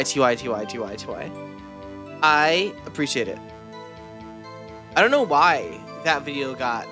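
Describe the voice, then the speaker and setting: A woman streaming a game who chats casually with her viewers, rambling and swearing offhandedly. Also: sits low. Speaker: VTuber streamer.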